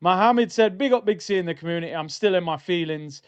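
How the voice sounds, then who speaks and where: A man's voice: high-pitched, quick pace, smooth. A young man, chatting animatedly and exasperated with his live-stream audience before a football match. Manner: animated, exasperated banter with chat. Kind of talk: casual live-stream chat.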